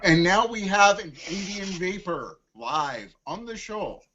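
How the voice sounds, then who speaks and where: A man's voice: sits high, very animated, unhurried, bright, forceful tone. A man co-hosting a live stream, joking in a teasing, crude way. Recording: lo-fi online stream audio.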